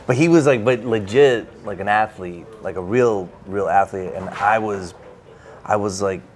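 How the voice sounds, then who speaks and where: A man with a fairly low voice tells a personal story to an interviewer at a bookstore event. He is animated and loose, stacking "like" fillers as he goes. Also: a little slow. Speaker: author. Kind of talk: casual anecdote in an interview.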